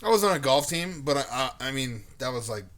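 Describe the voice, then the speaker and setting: A young man co-hosting a podcast, telling a profane story in casual chat and bursting into shouted impressions. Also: medium pitch, animated, fairly quick. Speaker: podcast co-host.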